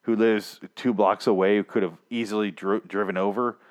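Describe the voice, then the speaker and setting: A man's voice: lowish voice, fairly even intonation, normal speed, a little mellow. A man co-hosting a comedy podcast, ranting in casual banter with profanity and exasperation. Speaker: podcast co-host.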